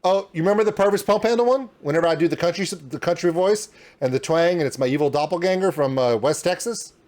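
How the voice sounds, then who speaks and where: A man's voice: fairly high pitch, quick pace. A man hosting his own reaction channel, walking viewers through his home streaming setup in a casual, demonstrative way. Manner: animated and demonstrative, pointing things out. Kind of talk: casual tutorial walkthrough.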